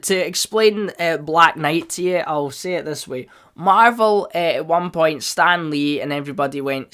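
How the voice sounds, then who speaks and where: A man hosting a solo podcast, rambling casually and bursting into loud enthusiasm. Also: fairly high pitch. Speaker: podcast host.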